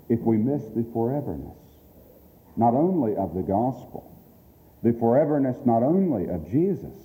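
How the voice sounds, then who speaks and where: A man's voice: mid-range voice, mellow. A man giving a sermon-style address about radio outreach. He speaks earnestly and stresses his points through emphatic repetition. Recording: long hall reverb.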